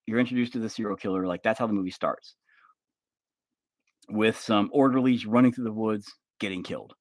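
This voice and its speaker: A man hosting a livestream who rambles through a casual film pitch, full of fillers and swearing. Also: brisk, no echo. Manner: rambling, filler-heavy, profane. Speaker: livestream host.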